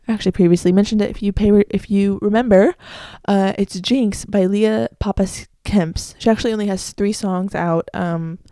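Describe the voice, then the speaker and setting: A woman's voice: medium pitch, warm tone, no room sound, studio quality. A young woman hosting her own podcast, chatting casually and with strong opinions, full of "like" fillers, into a microphone. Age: young adult. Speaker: podcast host. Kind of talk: casual solo podcast chat.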